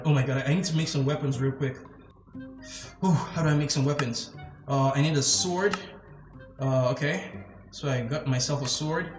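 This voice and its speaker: A young man hosting a gaming channel, narrating his game step by step in a jumpy, excitable way, quick to get scared and laugh. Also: mid-range voice. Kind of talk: casual gameplay commentary. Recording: roomy sound with game music behind. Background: game music.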